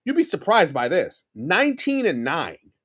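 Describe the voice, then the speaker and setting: A man in his forties from New York City, chatting as a podcast guest. He tells loose, animated stories full of fillers and false starts. His voice sits a touch high for a man. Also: normal speed. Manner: rambling, animated storyteller with lots of fillers and restarts. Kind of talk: casual chat.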